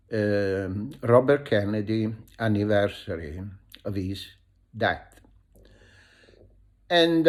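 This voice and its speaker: An Italian-accented man tells stories to camera at an unhurried pace. His pitch swings up and down freely as he goes. He hesitates often, filling gaps with ums while he hunts for the right word. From Italy. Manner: hesitant, searches for words with many ums and restarts. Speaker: video host. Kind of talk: casual storytelling monologue.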